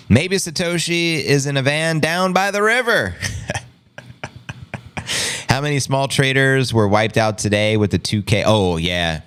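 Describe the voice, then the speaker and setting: A man's voice: lowish voice, fairly bright tone, clear, resonant tone. A man hosting a casual livestream, reading viewer comments aloud with playful, joking banter and frequent laughs. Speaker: host.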